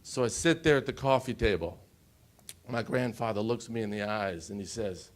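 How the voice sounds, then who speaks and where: A man in his forties telling his personal story on a conference stage, emotional and pausing, often asking the audience questions. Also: lowish voice. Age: 40s. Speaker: conference speaker.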